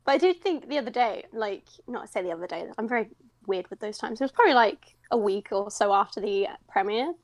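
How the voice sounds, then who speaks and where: With a medium pitch and lively intonation, the young British voice actress speaks a little fast as she chats in a casual interview. She rambles, downplays herself and laughs often, and her accent is British English from the United Kingdom; no echo.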